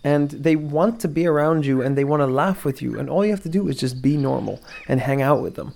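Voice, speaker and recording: A man's voice: a little high, brisk, vocal fry, darkish tone. A man hosting a podcast, rambling and laughing in a casual chat. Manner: rambling, laughing, restarts often. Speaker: podcast host.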